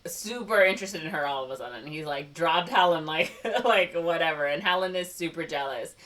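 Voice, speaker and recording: Woman co-host, casual recap, lots of "like" and "um", lowish voice, distant mic. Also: fairly bright tone. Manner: rambling, filler-heavy storytelling with quick quoted voices. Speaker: podcast co-host.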